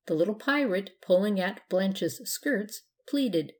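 Woman gently reading a children's story. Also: medium pitch, lively intonation, takes it slowly, few pauses.

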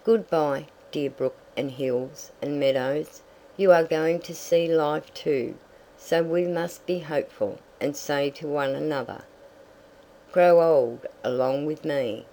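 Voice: medium pitch, slow, mellow, poor audio. A reader voicing an emotional young woman character in an audiobook, speaking in a pleading, tearful way. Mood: wistful. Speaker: story character. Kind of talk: audiobook reading.

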